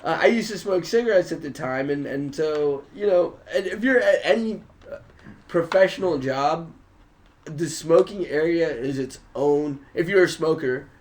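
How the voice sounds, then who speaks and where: A man, a comedian guest, telling animated, profane stories in a casual studio podcast chat. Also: on the high side, moderate pace. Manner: animated storyteller, swears often.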